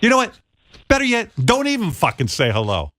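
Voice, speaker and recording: Blunt, animated male radio host. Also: sits high, a little fast. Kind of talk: talk radio banter and live ad read.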